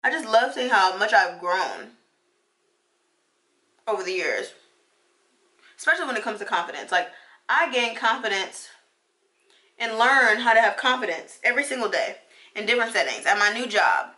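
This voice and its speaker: A woman's voice: a little high, animated, normal speed, pauses often, sharp tone. A woman in her twenties, a beauty vlogger and law student, chatting casually while getting ready and talking emphatically, repeating phrases to drive her encouragement home. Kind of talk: casual get-ready-with-me chat.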